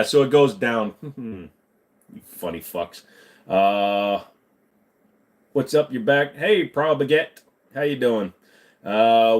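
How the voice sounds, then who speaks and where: A man hosting a casual live-stream Q&A, joking around and swearing freely while he answers chat. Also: mid-range voice. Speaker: livestream host.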